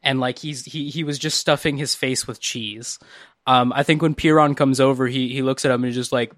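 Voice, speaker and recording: A man chatting as a player in a tabletop role-play game, with halting restarts and incredulous questions. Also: medium pitch, steady tone, a bit bright, no echo, studio quality. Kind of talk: casual role-play chat.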